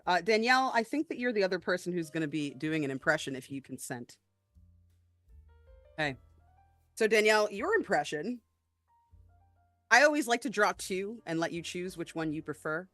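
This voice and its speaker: A woman's voice: lowish voice, a bit bright, dry recording. A woman hosting a live game stream in casual chat, bubbly and hesitant, with frequent fillers. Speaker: stream host.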